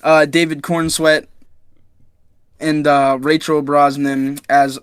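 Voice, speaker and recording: A man's voice: a little high, little pitch movement, slow, clean tone, dry recording. A young man co-hosting a casual podcast, reading out news items and stumbling over names. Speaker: podcast co-host. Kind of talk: casual chat.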